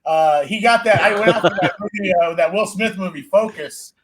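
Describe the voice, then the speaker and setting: Loud, profane male comedian guest. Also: high-pitched, normal speed, a loud crowd. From Miami, Florida. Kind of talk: casual comedic chat.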